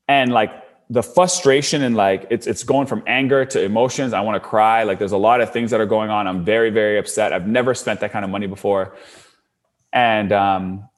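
Animated young man telling a story. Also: normal speed. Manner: animated, filler-heavy, rising pitch when worked up. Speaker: storyteller guest. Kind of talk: casual storytelling chat.

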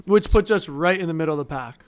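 High-voiced man in easy chat. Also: lively intonation, quick pace. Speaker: podcast guest, pro volleyball player. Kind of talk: casual chat.

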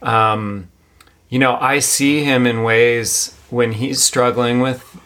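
A man co-hosting a podcast, speaking in a relaxed, reflective way as a dad. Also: mid-range voice, takes it slowly. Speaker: podcast co-host. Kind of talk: casual podcast conversation.

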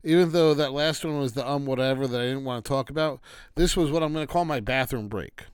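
A man's voice: medium pitch, fast talker, clean tone, no room sound, clean studio sound. A man hosting a casual wrestling recap, ranting with exasperated, dismissive asides.

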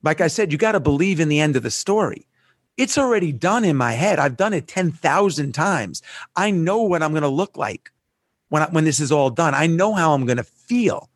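Animated male podcast storyteller, dry close mic. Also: fairly high pitch, normal speed, no room sound. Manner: animated storyteller who acts out quoted dialogue. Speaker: podcast guest.

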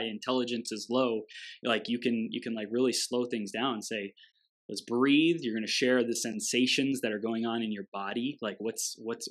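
A man's voice: mid-range voice, fairly bright tone. A man speaking on a podcast in a casual conversation, reflective and supportive. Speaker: podcast co-host or guest.

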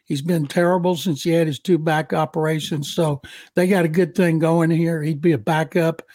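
An older man with a Texas accent, co-hosting a sports talk show, giving blunt, halting analysis. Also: fairly high pitch, level tone, a little mellow, dry recording. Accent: Texan. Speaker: sports columnist co-host.

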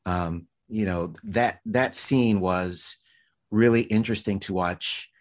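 A man, a guest actor, telling stories in a casual chat, animated and halting with frequent restarts and fillers. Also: lowish voice.

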